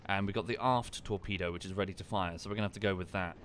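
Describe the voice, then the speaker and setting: A man with a fairly low voice chats his way through a live game stream. He talks in a relaxed, wry way and explains things at length. A faint hiss sits under his voice. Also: very fast. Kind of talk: casual live-stream commentary.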